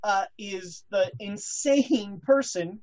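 A woman's voice: mid-range voice, slow, darkish tone. A woman hosting a casual chat show, talking with many fillers and restarts. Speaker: podcast host.

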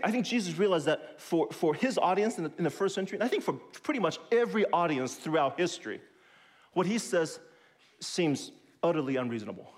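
A middle-aged male pastor giving a sermon in a conversational, emphatic way, with self-deprecating humor. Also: on the high side.

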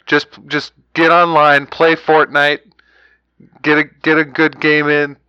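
A man with a bright, forward voice banters as a podcast co-host, playful and teasing, always ready to ham it up. The sound is dry and a little dull, like a lo-fi recording. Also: on the high side, flat delivery, slow pace, smooth, no echo. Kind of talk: casual banter.

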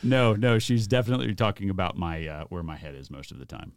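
A man's voice: sits low, animated, fast talker, dry recording. A man speaking as a podcast guest in casual chat, good-humored and self-deprecating.

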